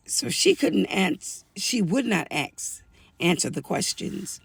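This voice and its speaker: Older woman, slow unhurried delivery, mid-pitched voice, earnest personal testimony. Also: big pitch swings, vocal fry, husky, no room sound. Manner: earnest and pleading, warning other women. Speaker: storyteller sharing a family account.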